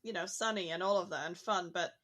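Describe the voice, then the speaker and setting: A woman's voice: fairly low pitch, fast talker, a bit bright. A woman talking casually on a podcast, musing aloud with lots of "like" fillers. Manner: chatty, musing, frequent "like" fillers.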